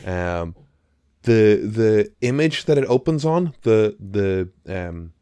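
There's a clear, resonant, dark quality to this man's fairly low voice, which moves with lively intonation at a slow pace. Co-hosting a podcast, he chats about a film in a rambling, forceful way and swears now and then, captured in clean studio sound with no room noise.

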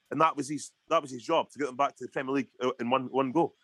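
A man's voice: mid-range voice, steady tone, very fast, hardly any pauses, fairly bright tone. A Scottish man ranting heatedly in a casual podcast chat, swearing often. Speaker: podcast co-host.

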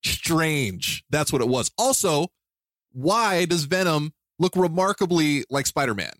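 A man's voice: fairly high pitch, lively intonation, unhurried, a bit bright, dry recording, studio quality. A young man co-hosting a podcast in casual chat, playful and jokey, laughing often. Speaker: podcast co-host.

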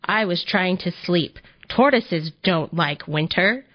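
A woman voicing a grumpy, sleepy male tortoise in a storybook reading, with a slow, grumbling, drawn-out delivery. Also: lowish voice, lively intonation. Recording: slightly dull audio.

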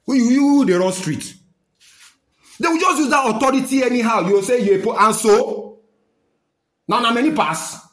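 A man's voice: very high voice, moderate pace, pauses often, fairly bright tone, echoey room. A man with a Nigerian accent giving a fiery, scolding rant to camera, slipping into Pidgin. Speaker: social commentator.

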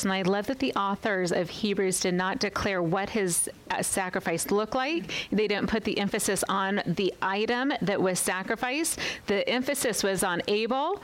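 Female preacher, mid-pitched, emphatic and repetitive, sermon delivery. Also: poor audio. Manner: emphatic, repetitive, asks the listeners questions.

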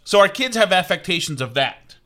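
A middle-aged man talks in a loose, rambling chat, circling back on himself with restarts and asides. His voice sits a touch high for a man and rings bright and forward. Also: big pitch swings, fairly quick. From Vermont. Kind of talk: casual chat.

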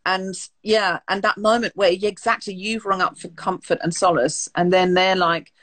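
A woman's voice: medium pitch, fairly even intonation, moderate pace, a bit bright. A woman hosting an interview, asking long, rambling questions that she corrects as she goes. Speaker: podcast host. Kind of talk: interview chat.

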